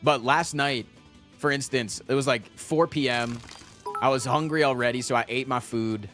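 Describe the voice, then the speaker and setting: A male streamer talks loosely to his chat, rambling and joking, with plenty of "man" thrown in. His voice sits in an ordinary middle pitch. Faint music plays behind him. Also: normal speed. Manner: rambling and animated, jokey, with frequent "man". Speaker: live streamer. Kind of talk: casual chat with stream viewers.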